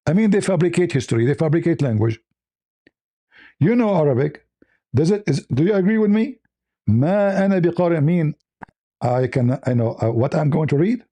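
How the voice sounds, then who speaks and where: Man debating hard with a mellow voice. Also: fairly high pitch, big pitch swings, moderate pace, pauses often. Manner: argumentative, mocking, with frequent laughs; repeats points with rhetorical questions. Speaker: debate host. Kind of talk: online religious debate.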